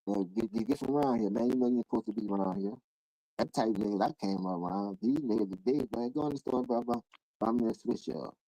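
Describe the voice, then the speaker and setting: A man hosting a live call-in show, riffing in rough, profane street talk. His voice sits dark and mellow most of the time, then leaps into sudden high bursts whenever he acts out someone else. The sound is dry, with no room echo. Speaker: livestream host. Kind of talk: casual ranting commentary.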